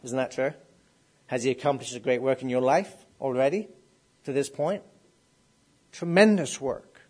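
A man's voice: mid-range voice, moderate pace, darkish tone. A middle-aged man preaching a sermon. He asks the congregation questions and builds up to emphatic declarations.

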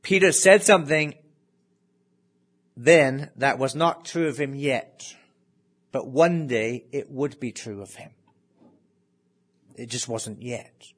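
A man preaching a sermon, animated and full of rhetorical questions, dropping to a near hush to stress key words. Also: mid-range voice, slow, pauses often, slightly rough.

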